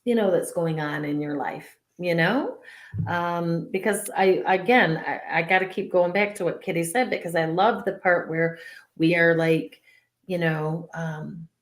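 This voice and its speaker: A woman's voice: on the low side, a little slow, roomy sound. A woman co-hosting a casual spiritual chat, talking loosely with many fillers and easy laughs. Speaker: co-host.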